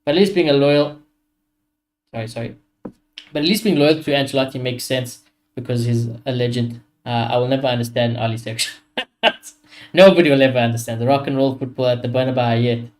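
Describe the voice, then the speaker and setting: A man's voice: medium pitch, steady tone, fairly quick. A young man, ranting animatedly and swearing as he hosts a casual football watchalong stream. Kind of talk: casual live-stream chat.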